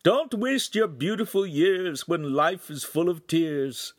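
A man voicing an old bearded wagon driver who speaks in slow rhymes. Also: a little high, expressive, dry recording, clean studio sound, voice pushed up. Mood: playful. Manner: slow sing-song rhyming.

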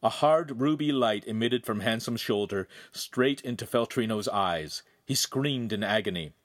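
A man's voice: mid-range voice, measured pace, no room sound, clean studio sound. A man reading a young adult novel aloud as the narrator, telling an action scene vividly. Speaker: audiobook narrator. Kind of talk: scripted narration.

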